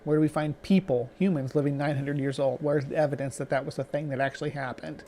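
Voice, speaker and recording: A man hosting a live stream, arguing back at a clip in halting sentences with many restarts. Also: on the high side, fairly even intonation, dark tone, a little hiss or hum. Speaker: stream host reacting to a video. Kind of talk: live-stream reaction commentary.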